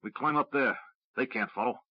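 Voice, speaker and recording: A man's voice: medium pitch, moderate pace, slightly rough, no echo, close to an everyday voice. A man voicing a desperate young soldier and father, urgent and strained, in a dry, slightly dull recording.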